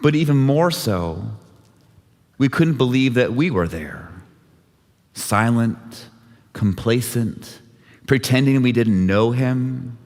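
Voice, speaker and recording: A man tells a scripture story to a church congregation, lightly voicing each character as he goes. His voice sits at a middle pitch. The sound rings with the long reverb of a large sanctuary. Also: expressive, slow, pauses often, darkish tone. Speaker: worship leader. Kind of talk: dramatic scripture retelling.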